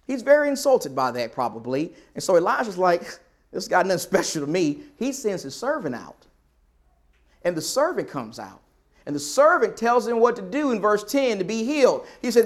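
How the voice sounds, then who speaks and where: Male preacher, high voice, lively sermon, plays out characters' lines. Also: moderate pace. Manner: animated, acts out characters' lines.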